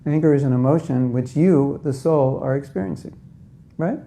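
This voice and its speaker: A man's voice: on the high side, moderate pace, creaky, warm tone. A man giving a conversational spiritual talk to a live audience, often asking them questions and acting out inner voices. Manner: acts out inner voices in quotes. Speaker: spiritual teacher.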